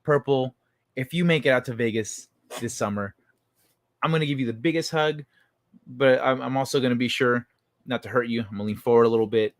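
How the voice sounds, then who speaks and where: A man's voice: medium pitch, brisk, no room sound, studio quality. Rambling, profane male livestream host. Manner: rambling and profane, with many restarts. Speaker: livestream host reading chat. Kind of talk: casual late-night livestream chat.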